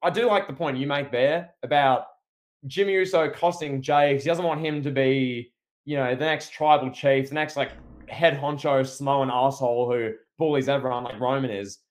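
A young man co-hosting a casual wrestling chat, teasing his co-host with mock outrage and quick asides. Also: mid-range voice. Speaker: podcast co-host.

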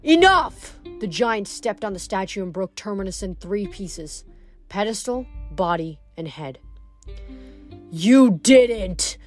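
A woman's voice: medium pitch, moderate pace, soft background music. A woman reading a novel aloud, with occasional stumbles and self-corrections. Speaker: audiobook reader.

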